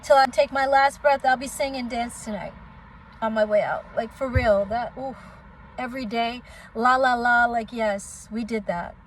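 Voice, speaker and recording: At a moderate pace, a middle-aged woman with a fairly high voice speaks to her vlog audience, addressing them as "y'all." The Oakland, California singer is candid and indignant, and the low-quality audio carries a slight hiss or hum.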